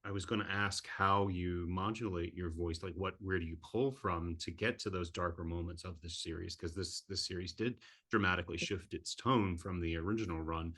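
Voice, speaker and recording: Very deep-voiced male interviewer. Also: steady tone, brisk, a bit bright. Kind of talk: interview conversation.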